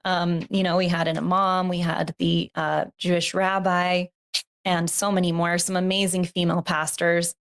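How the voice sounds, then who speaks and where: A woman's voice: fairly low pitch, level tone, moderate pace. A woman telling a story in a casual interview, earnest and reflective, with many fillers. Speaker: podcast co-host, guest.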